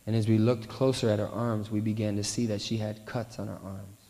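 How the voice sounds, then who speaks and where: A man preaching a sermon, telling a story and often softening his voice at tender moments. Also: lowish voice, flat delivery, a little fast. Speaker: pastor. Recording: long hall reverb.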